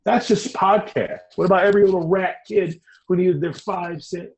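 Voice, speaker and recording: Animated, rambling middle-aged man. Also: high voice, moderate pace, vocal fry, poor audio. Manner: animated, rambling, emphatic storyteller. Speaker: interview guest, designer. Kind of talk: casual interview talk.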